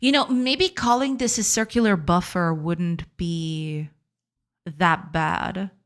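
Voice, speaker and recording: A woman's voice: fairly low pitch, takes it slowly. A woman game developer, heard through a voice changer, thinking aloud and explaining code step by step in a casual, giggly live-stream chat.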